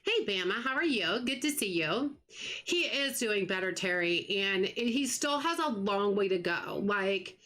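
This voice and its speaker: A middle-aged woman from the United States talks straight to her live-stream viewers in a casual, earnest way. Her voice sits a little high, and she often breaks off and restarts a thought. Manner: earnest, talks fast when excited, trails off and restarts. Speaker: livestream gaming host.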